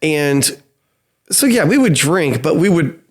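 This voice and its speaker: A man co-hosting a podcast, a musician chatting casually and quickly agreeing and chiming in. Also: a little high, sing-song.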